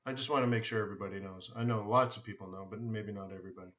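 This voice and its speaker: Talking very fast in a fairly low, fairly bright voice with fairly even intonation, a man runs a live forex trading stream. He answers viewers bluntly, emphatically and with frequent repetition. An echoey room and dull lo-fi sound mark the recording.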